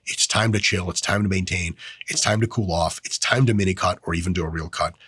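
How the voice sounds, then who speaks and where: Low husky guy coaching on fitness, swears a lot, jokey and animated, dry sound. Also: brisk, no echo. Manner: profane, joking, animated delivery. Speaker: fitness coach hosting a training channel. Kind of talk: casual educational monologue.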